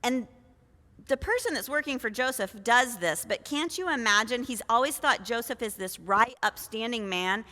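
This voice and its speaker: Lady preacher, high bright voice, slow easy delivery, chatty storytelling w lots of questions to the crowd. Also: in a large hall. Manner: storytelling with frequent rhetorical questions. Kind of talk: conversational sermon. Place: church.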